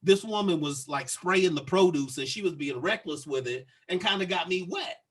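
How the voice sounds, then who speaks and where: A man co-hosting a podcast, telling a story in casual chat, profane and animated as he acts out the other people's lines. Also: high-pitched, moderate pace, breathy edge. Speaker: podcast co-host.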